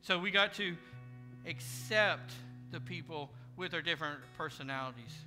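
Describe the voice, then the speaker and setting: An earnest male pastor delivers a sermon in a fairly high voice, acting out the prayers and conversations he imagines. His words ring through a reverberant church hall. Guitar music plays clearly behind him. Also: moderate pace. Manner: earnest, preacherly, voicing imagined prayers and speeches. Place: church sanctuary.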